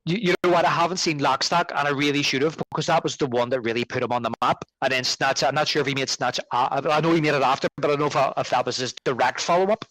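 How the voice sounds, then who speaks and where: A man's voice: medium pitch, fairly even intonation, quick pace, few pauses, fairly bright tone, dry recording, poor audio. A man, co-hosting a film podcast in casual chat, rambling and restarting as he recalls names. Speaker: podcast co-host.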